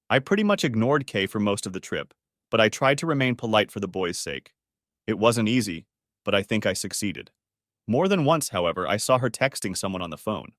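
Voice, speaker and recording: A man's voice: lowish voice, fairly bright tone, no room sound, clean studio sound. A man narrating a first-person audiobook story in a restrained, bitter tone.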